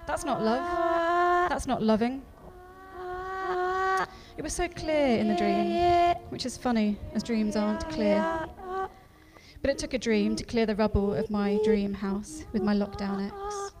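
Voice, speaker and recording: A woman's voice: fairly high pitch, lively intonation, moderate pace. A woman performing her spoken-word poetry live on a festival stage, rhythmic and repeating phrases. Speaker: poet performing her work. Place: festival stage before an audience.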